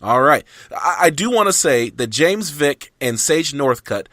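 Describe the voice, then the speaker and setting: A man's voice: on the high side, sing-song, unhurried, pushed and bright, dry recording, studio quality. A man hosting a podcast, from Southeast Texas with a faint Texan accent, chatting casually and restarting his sentences. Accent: Texan, mostly faded. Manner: restarts often, easygoing banter. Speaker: podcast host.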